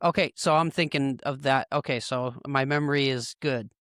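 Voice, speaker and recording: A man's voice: medium pitch, moderate pace, a bit bright, no echo, clean studio sound. A young man hosting a podcast, chatting in a laid-back, rambling way full of "like" and "bro.". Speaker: podcast host. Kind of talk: casual chat.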